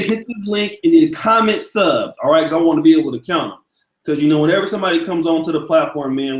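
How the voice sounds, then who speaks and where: A man's voice: fairly high pitch, echoey room, slight background noise, low-quality recording. A man hosting a live stream in a loose, profane, casual way, hyping up his audience. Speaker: livestream host.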